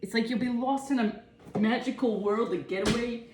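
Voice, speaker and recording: A woman's voice: on the high side, normal speed, noisy background, close to an everyday voice. A woman playing a brassy, chatty Italian-American cooking show host with a New Jersey accent, rambling from one tangent to the next. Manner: rambling, jumps between tangents, brash. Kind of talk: comic character monologue. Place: home kitchen. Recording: echoey home kitchen.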